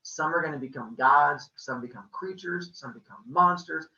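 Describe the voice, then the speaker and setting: A man's voice: fairly high pitch, normal speed, roomy sound, far from the mic, highs cut off. A man, a teacher, casually retelling a myth to a class with jokes. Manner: lively, joking retelling.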